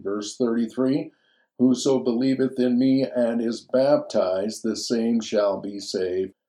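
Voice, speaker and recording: A man's voice: fairly low pitch, warm tone, low-quality recording. A man giving a sermon-style commentary, reading scripture verses aloud and then explaining them. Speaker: scripture teacher.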